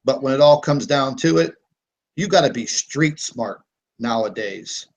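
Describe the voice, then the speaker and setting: A man's voice: medium pitch, animated, unhurried, dull audio. Defiant man hosting a live online hangout. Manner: defiant, combative rant with frequent fillers. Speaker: host of a live online broadcast.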